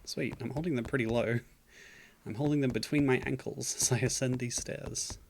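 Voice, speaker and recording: A man's voice: mid-range voice, steady tone, moderate pace, gravelly, darkish tone, slight background noise. A man streaming a game, chatting casually and reading game text aloud with dry, self-mocking asides. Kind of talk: casual gameplay commentary.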